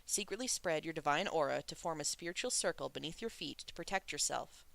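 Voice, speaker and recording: A reader voicing a gentle, anxious male crown prince who talks in a soothing, reassuring way. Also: mid-range voice, expressive, brisk, creaky.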